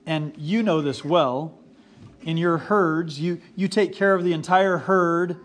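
A man in his forties preaching a sermon, earnest and repeating key phrases for emphasis. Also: sits high. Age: 40s. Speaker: pastor.

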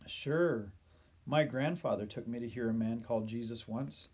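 Man doing a sincere little boy in a storybook, eager, kinda husky. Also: mid-range voice, normal speed, darkish tone, lightly acted. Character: earnest, honest young boy.

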